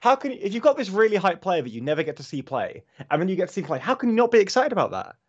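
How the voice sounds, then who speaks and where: A British man co-hosting a live-streamed gaming chat show, excitable and full of banter. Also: sits high, very fast, lo-fi sound. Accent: British English. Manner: excitable, lively banter with "mate". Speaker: podcast co-host.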